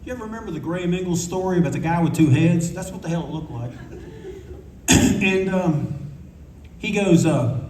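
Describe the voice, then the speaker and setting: A man's voice: on the high side, normal speed, warm tone, slight background noise. Older man telling rambling stories, echoey. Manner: rambling, acts out quotes of others. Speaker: convention panel storyteller. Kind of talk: casual anecdotal storytelling. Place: convention panel room. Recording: echoey room from a distance, faint ambience.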